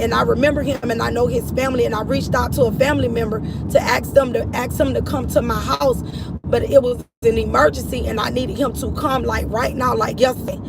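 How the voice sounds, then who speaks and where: Middle-aged mother, testimony, high pitch with some fry, recorded outdoors with street traffic behind. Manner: earnest, repetitive storytelling, addresses listeners as y'all. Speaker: grieving mother sharing her story. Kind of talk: personal testimony to followers. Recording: outdoor street noise, vehicles passing.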